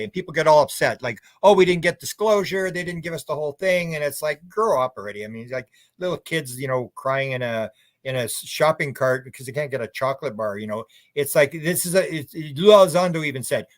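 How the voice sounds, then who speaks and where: A man's voice: a little high, no echo, studio quality. An older man, a researcher guest on a radio interview, talking in long, rambling, opinionated run-on thoughts.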